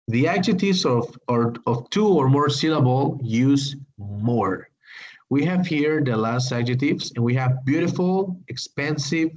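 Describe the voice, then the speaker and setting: Teaching an online English grammar class, a man whose first language is Spanish talks slowly and hesitantly, full of fillers and apologies. His voice is mid-range, and the audio quality is poor.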